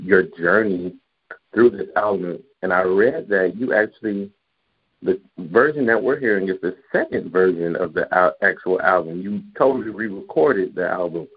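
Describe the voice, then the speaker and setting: A man's voice: low voice, normal speed, breathy edge. A man interviewing a guest, attentive and affirming as he asks questions. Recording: muffled sound.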